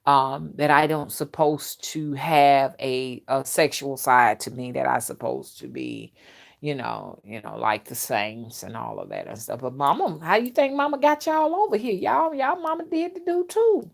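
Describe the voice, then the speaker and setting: A woman's voice: low-pitched, very animated, normal speed, gravelly. Brash older woman chatting on a live stream. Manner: brash, blunt and loud, often laughing and addressing viewers. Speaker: spiritual reader and live-stream host. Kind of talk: casual live-stream chat reading viewer comments.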